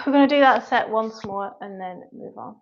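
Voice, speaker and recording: A woman's voice: fairly high pitch, moderate pace, dull audio. A woman with a Mancunian-Lancashire accent, a personal trainer chatting through a live workout, out of breath and sighing between sets. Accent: Mancunian-Lancashire English. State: out of breath from exercise. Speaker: personal trainer and online fitness coach.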